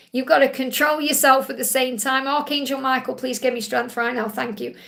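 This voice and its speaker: A woman's voice: high-pitched, creaky, a bit bright. A woman hosting a live-stream psychic reading, talking earnestly and emotionally with many fillers. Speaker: psychic medium host.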